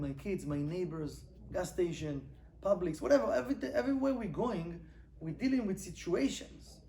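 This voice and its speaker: High-voiced man teaching Kabbalah. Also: a little hiss or hum. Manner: animated, rhetorical questions, reads Hebrew quickly then translates. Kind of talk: informal class lesson.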